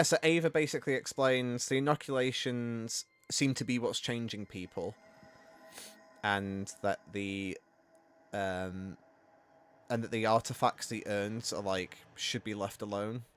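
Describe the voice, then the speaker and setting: A man's voice: medium pitch, a bit bright, clear, resonant tone, dry recording. A man running a tabletop game as game master, narrating casually with many fillers and restarts.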